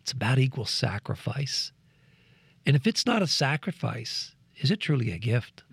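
A man tells a personal story with earnest, preacher-like conviction and slips into the voices of the people in it. His speaking voice sits at a middle pitch, and the recording is close and dry. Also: normal speed, vocal fry, husky, no echo. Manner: lively storyteller who acts out quoted voices. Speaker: program co-host sharing reflections. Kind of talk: animated storytelling reflection.

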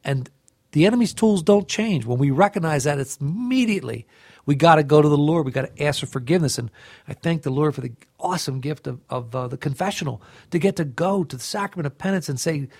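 A man's voice: on the high side, animated, fast talker, a little mellow, dry recording, clean studio sound. A middle-aged man sharing an earnest, heartfelt devotional reflection and often restarting his phrases. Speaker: co-host of a faith reflection show.

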